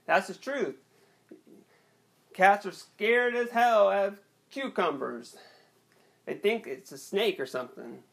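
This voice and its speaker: Young male comic, slightly high voice, slow halting deadpan set. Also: vocal fry. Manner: hesitant, rambling, deadpan delivery with many restarts. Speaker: stand-up comedian. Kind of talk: awkward self-deprecating stand-up set.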